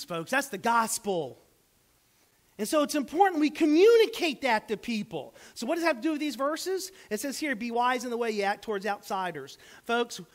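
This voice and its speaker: A man, preaching a sermon as pastor, in a folksy, conversational way with asides to the congregation. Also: very high voice. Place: church sanctuary.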